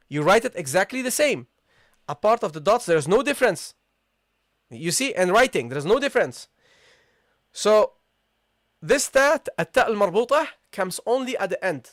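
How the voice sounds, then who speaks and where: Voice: medium pitch, no room sound, clean studio sound. A patient language teacher giving a live online lesson, repeating key points and checking in with the class. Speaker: Arabic teacher.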